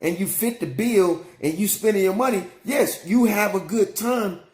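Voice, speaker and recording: A man's voice: sits high, moderate pace, a little mellow, echoey room. A father at home giving blunt life advice in a profane, emphatic monologue, repeating his points for weight. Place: at home with his young son nearby.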